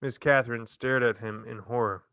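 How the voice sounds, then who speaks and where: A man reading a novel chapter aloud in a measured, expressive storytelling manner. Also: medium pitch, creaky, clear, resonant tone, no room sound, studio quality. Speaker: reader. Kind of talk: audiobook narration.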